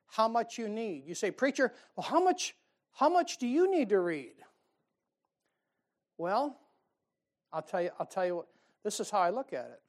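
A man preaching a sermon in a church, folksy and conversational, building to emphatic outbursts. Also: sits high. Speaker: pastor. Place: church sanctuary.

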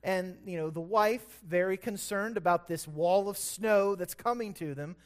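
A man with a high-pitched voice preaches a sermon in an easy, conversational manner. He stops to correct himself out loud, then pulls his listeners into a story whose intensity builds. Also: unhurried. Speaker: pastor.

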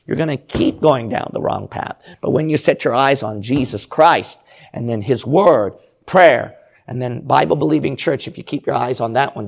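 A male preacher delivering a sermon, pressing his listeners with one rhetorical question after another. His voice is deeply gravelly and rough, with a husky, unclear edge, sitting at an ordinary pitch for a man. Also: darkish tone. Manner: exhorting, repetitive rhetorical questions.

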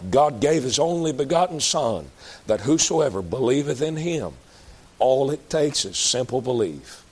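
A man's voice: mid-range voice, animated, unhurried, darkish tone, husky. A man preaching an evangelistic sermon, fervent and emphatic, pleading with his listeners.

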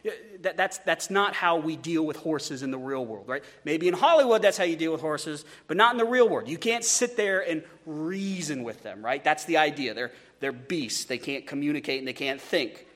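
A man's voice: on the high side, lively intonation, normal speed, few pauses, fairly bright tone, big-room sound. A man preaching a sermon as a pastor, conversational, with stumbling repeats and joking asides.

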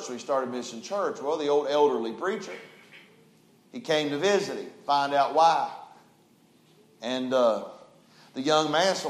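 A man's voice: mid-range voice, animated, a little slow, pauses often. A man preaching a sermon, telling folksy stories and building to fervent calls. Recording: roomy echoing hall.

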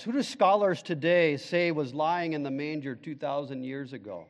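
Man, pastor, emphatic sermon, slightly high voice, long church reverb. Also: moderate pace. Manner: emphatic preaching, asks the congregation questions.

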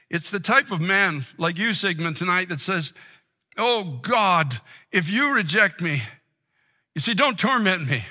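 Bright-voiced preacher in an echoing hall. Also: male voice, fairly high pitch. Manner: earnest, stumbling repetitions, pleading directly to listeners. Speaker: pastor. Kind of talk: sermon at a prayer meeting. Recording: long reverb of a large hall.

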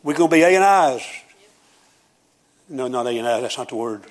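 A man preaching a sermon as pastor, with a Southern preacher cadence, rising at times into loud shouting praise. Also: lively intonation, normal speed. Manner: builds to high, shouting preaching.

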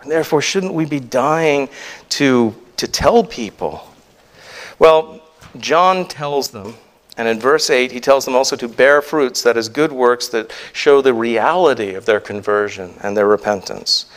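A man's voice: mid-range voice, unhurried. A male pastor preaching a sermon in an earnest, emphatic way, full of rhetorical questions.

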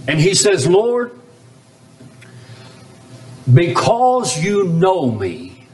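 Male pastor, high voice, emphatic sermon delivery with wide pitch swings. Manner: preaching with sweeping pitch swings, drawn-out emphatic phrases. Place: church chapel.

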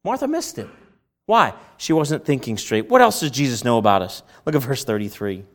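A man preaching a sermon, asking rhetorical questions and answering them himself, and breaking into animated acted-out voices. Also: brisk. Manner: acts out quoted voices with big jumps in pitch and loudness.

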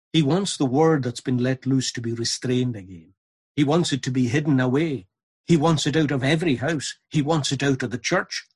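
A man's voice: medium pitch, darkish tone, slightly rough. A man preaching an earnest sermon, building to emphatic repeated lines.

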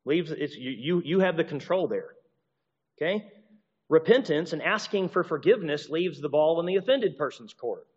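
A man with a somewhat high voice delivers a sermon, lively and full of restarts as he acts out other people's apologies. His voice rings with a long reverb and has a muffled, dull tone. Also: moderate pace, slightly rough. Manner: animated, acts out quoted apologies in shifting voices; frequent restarts and repeated words. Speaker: pastor or teacher.

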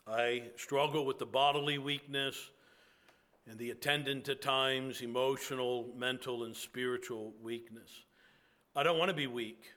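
A male preacher delivers a sermon in a slow, deliberate cadence, pausing often to let his words settle. His voice is bright and set a little high, and his tone stays earnest and reflective.

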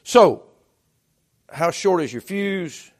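A man preaching a sermon as pastor, talking conversationally with repeated restarts, swinging between loud bursts and hushed asides. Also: sits high, expressive, drawn-out words.

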